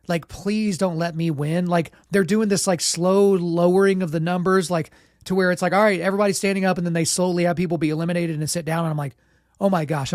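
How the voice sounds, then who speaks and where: A man with a sore, sick throat, casually telling a story as podcast host, relaxed and self-deprecating with lots of "you know" and "like". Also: sits high, no echo, studio quality.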